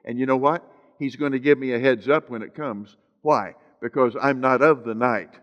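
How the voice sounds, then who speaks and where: A man's voice: mid-range voice, moderate pace, fairly bright tone, lo-fi sound. A man preaching a sermon as pastor, stretching out scripture phrases for emphasis and slipping in joking asides to the congregation. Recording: long hall reverb.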